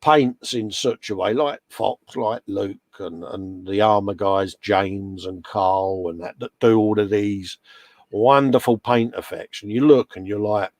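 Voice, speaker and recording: A man's voice: on the low side, a little slow, a little mellow, no room sound. A middle-aged English man co-hosting a casual live chat, jokey and full of friendly slang, calling everyone mate. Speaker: co-host.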